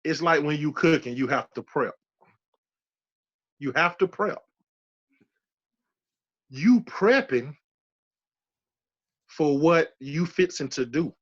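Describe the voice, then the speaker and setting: A man in his thirties shares his survival testimony on a podcast, speaking with conviction and driving his points home through repetition. His voice sits a little high for a man. The recording sounds muffled and lo-fi. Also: lively intonation, takes it slowly, long pauses, husky. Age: 30s. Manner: emphatic, repeats key phrases for weight. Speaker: podcast guest giving a testimony. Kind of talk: emotional personal testimony.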